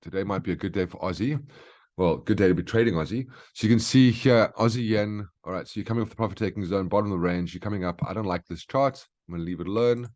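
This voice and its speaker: This time the host speaks fast, his voice sitting low with a darkish tone. As market analyst on a daily brief, he runs through price charts live, teaching casually and often asking "okay?".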